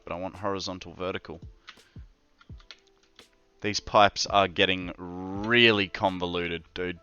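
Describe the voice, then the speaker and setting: A laid-back man streams a building game, chatting unhurriedly to his viewers in a smooth, clear voice. The audio is dry and slightly dull, with faint music in the background. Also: on the low side, pushed and bright, dry recording. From Australia. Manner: slow, laid-back, talks to chat while working. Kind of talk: casual live-stream chat while building in a game.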